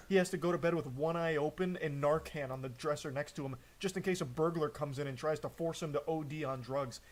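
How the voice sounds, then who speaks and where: A man streaming live, mocking and picking apart text messages as he reads them aloud, swearing often. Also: on the high side. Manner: incredulous, mocking commentary with frequent swearing. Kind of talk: live-stream reaction commentary.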